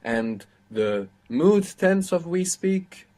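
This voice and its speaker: A man's voice: a little high, sing-song, very slow, mellow. A man teaching a live online language lesson, patiently explaining grammar and quizzing his students with questions.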